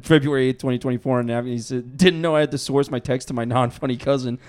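A man's voice: mid-range voice, fairly even intonation, fast talker, a little mellow, smooth. A man co-hosting a casual comedy podcast, telling crude stories and quoting relatives with laughs. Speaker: podcast co-host.

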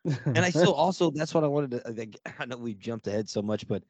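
A man co-hosting a film podcast, animated and casual, swearing and laughing as he talks. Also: mid-range voice, fairly quick, husky, no echo. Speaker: podcast co-host.

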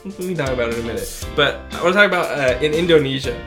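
On a casual podcast, a male co-host with a slightly high voice races through his stories, animated and rambling, full of fillers and restarts, with music playing underneath.

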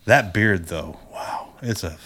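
A man co-hosting a podcast in relaxed chat, laughing easily. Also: low-pitched, slow, background noise. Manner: laid-back and chatty, laughs easily. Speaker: podcast co-host. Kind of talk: casual chat.

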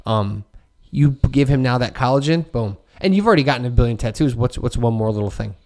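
A man's voice: mid-range voice, a little fast, a little mellow. A man co-hosting a podcast in a casual chat, talking in a rambling way and acting out imagined people. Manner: rambling, full of "like" and "dude", quotes imagined people. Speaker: podcast co-host.

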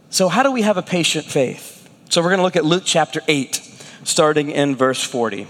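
A man's voice: fairly high pitch, animated, normal speed, fairly bright tone, in a large hall. A man preaching a sermon as a pastor, acting out the prayers and words of the people he talks about.

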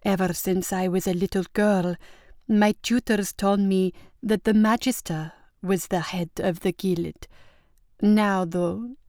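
A woman voicing a sly young countess who speaks slowly with mock-polite innocence. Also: medium pitch, darkish tone, dry recording, studio quality.

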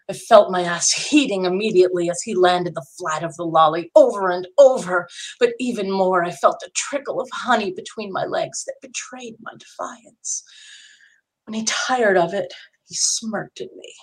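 Low-voiced woman narrating intimately. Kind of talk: first-person story narration.

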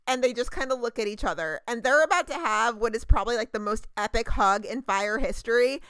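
A woman co-hosting a podcast, recapping a TV episode in casual chat, gushing and animated with lots of fillers. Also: a little high, fairly quick, clear, resonant tone, no room sound. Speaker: podcast co-host.

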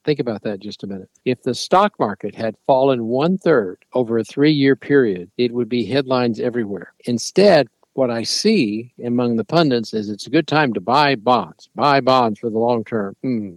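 Casting: male finance host, mid-pitched, steady explainer, dry close mic. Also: no room sound. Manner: measured, explanatory, addresses listeners as folks. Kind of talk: market commentary.

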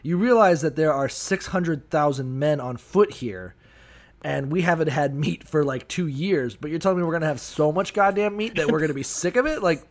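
Animated, foul-mouthed man riffing on scripture. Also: fairly high pitch, moderate pace. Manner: profane, animated, acts out voices mid-story. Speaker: podcast co-host. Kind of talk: comedic bible commentary chat.

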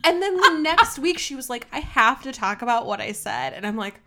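Young female co-host, very high and lively voice, playful storyteller. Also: a little fast. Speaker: podcast co-host. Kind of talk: casual chat.

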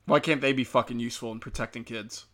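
Heated, sarcastic man ranting, bright voice. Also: medium pitch, fairly even intonation, fast talker. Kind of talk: ranting monologue.

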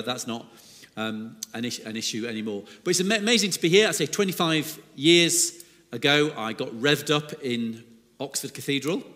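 A man's voice: mid-range voice, bright, forceful tone. A middle-aged man preaching a sermon as a guest speaker in a church, chatty and fond of self-deprecating jokes. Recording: long hall reverb in a church.

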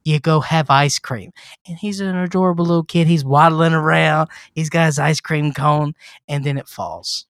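A man with a slightly higher voice than most men, telling a movie plot as a joking podcast rant. He is sarcastic and profane, and he acts out scenes with animated energy. The recording is dry and close, with no room sound. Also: normal speed, no room sound. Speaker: podcast co-host reviewing films. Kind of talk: casual comedic movie recap.

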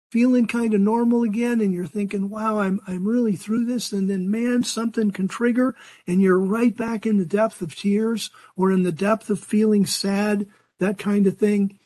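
Casting: older male Bible teacher, high-pitched, earnest and conversational, restarts sentences often. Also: fairly even intonation, measured pace, warm tone.

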